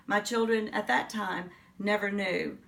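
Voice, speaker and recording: Gravelly middle-aged woman telling her story. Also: mid-range voice, steady tone, a bit bright, far from the mic. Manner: earnest, reflective storytelling with pauses and fillers. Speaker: interviewee, teacher. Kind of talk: oral history interview.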